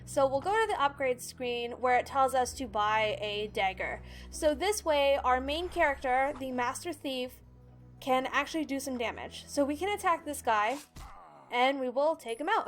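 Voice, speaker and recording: High-pitched woman casually talking through a strategy game, reading tutorial bits out loud. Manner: chatty, explains controls and reads tutorial text aloud. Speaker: let's play host. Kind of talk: casual gameplay commentary.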